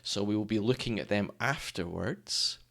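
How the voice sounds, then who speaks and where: During a laid-back nature podcast, a male co-host with a fairly low voice and noticeable vocal fry talks at normal speed. Telling stories with animation, he plays out the voices of the people he's quoting.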